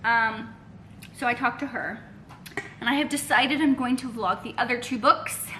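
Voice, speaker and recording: A young woman talks straight to camera in a chatty reading vlog. She rambles and swears freely, her voice bright and a touch high. A faint hiss sits under her voice. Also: moderate pace. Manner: animated, swears often, rambling. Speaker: book vlogger.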